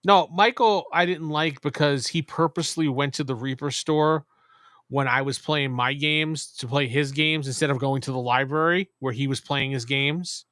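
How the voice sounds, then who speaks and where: A man's voice: mid-range voice, moderate pace, fairly bright tone, no echo, clean studio sound. A man co-hosting a casual chat show, telling blunt, profane stories. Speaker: podcast co-host.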